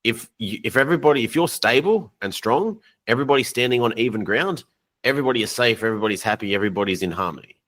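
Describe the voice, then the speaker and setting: A man's voice: mid-range voice, lively intonation, fast talker, fairly bright tone. A man co-hosting a podcast as a coach, talking bluntly and casually with some swearing.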